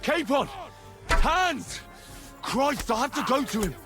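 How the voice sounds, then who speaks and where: An actor playing a young medieval squire calling out urgently in a battle in a game. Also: male voice, very high voice, sing-song, unhurried, exaggerated voice. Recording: game audio with music behind.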